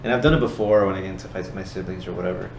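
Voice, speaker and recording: A low-voiced man rattles off his thoughts at a brisk clip and acts out bits of dialogue. The room rings with echo, and a light hiss runs under his voice. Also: gravelly, a little mellow. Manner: fast, earnest, storytelling with acted-out dialogue. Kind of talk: casual Christian discussion. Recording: echoey room with faint hiss.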